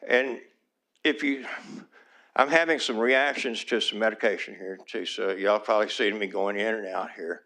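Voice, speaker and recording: A man's voice: lowish voice, fairly even intonation, normal speed, pushed and bright. A man, a small-town mayor giving public comment at a city council meeting, earnest and pleading, his voice turning emotional as he repeats his requests.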